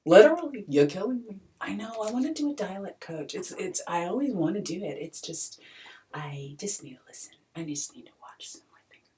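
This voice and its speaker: A woman in a rambling personal monologue, swinging between hushed whispers and loud outbursts, swearing and repeating herself. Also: medium pitch, lively intonation, fairly quick, recorded from a distance. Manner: swears freely.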